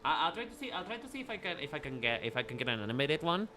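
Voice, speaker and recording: A man's voice: a little high, big pitch swings, rapid-fire, bright, forceful tone, faint music behind. A man chatting casually to his viewers while livestreaming a game, playful and teasing, often repeating and restarting his words. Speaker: VTuber streamer.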